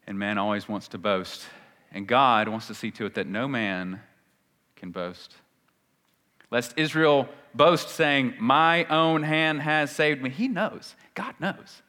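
A man preaching a sermon, emphatic, swinging between loud declarations and hushed asides, reading scripture with dramatic weight. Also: fairly low pitch.

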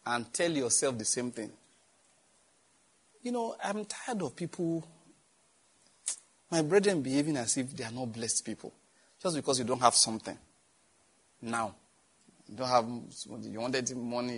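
A middle-aged male pastor, his voice husky and breathy at a middle pitch. He preaches emphatically, stacking repeated phrases and throwing questions back at his congregation. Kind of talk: sermon.

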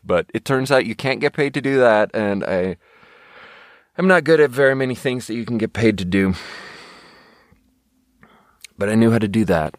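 Young dude rambling, low voice, jokey and sweary, dry close sound. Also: male voice, animated, normal speed, pauses often, no echo. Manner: rambling, profane, jokey storytelling. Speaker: podcast host reviewing sparkling water. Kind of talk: casual monologue.

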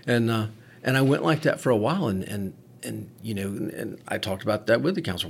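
Guy medic on a podcast, lowish voice, talks blunt and swears a lot. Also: animated, quick pace, creaky, breathy edge. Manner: candid, profane storytelling. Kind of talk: casual conversation.

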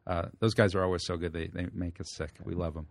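Man, guest historian, upbeat, very low voice, dry sound. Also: steady tone, quick pace, gravelly, dry recording. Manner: upbeat, promotional. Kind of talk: casual chat.

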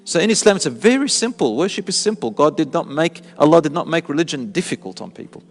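A man's voice: on the high side, sing-song, fast talker, faint music behind. Man preaching in a reverberant hall. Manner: explains with rhetorical questions and answers. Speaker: Islamic preacher. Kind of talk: sermon.

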